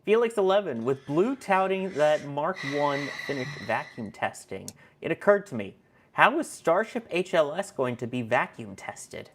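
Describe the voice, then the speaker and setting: A playful host on a casual podcast, reading out viewer comments and laughing often. The voice sits at an ordinary middle pitch. The delivery stays loose and easygoing throughout. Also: big pitch swings, normal speed. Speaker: show host reading chat.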